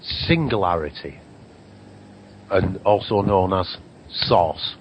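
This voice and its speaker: A man's voice: deep voice, expressive, slow, muffled recording, a little hiss or hum. A man hosting a radio show, rambling through a spiritual monologue, swearing now and then and slipping into mocking voices for other people.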